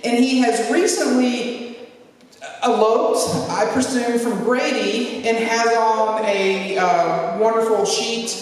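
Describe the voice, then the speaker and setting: A woman's voice: fairly high pitch, takes it slowly. A woman pastor tells a funny story from the pulpit and acts out the voices of the people in it. Her voice is picked up from a distance in a large, echoey sanctuary, with a long reverb trailing each phrase. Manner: humorous, lively storytelling with acted-out quotes. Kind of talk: storytelling sermon. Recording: echoey hall from far off.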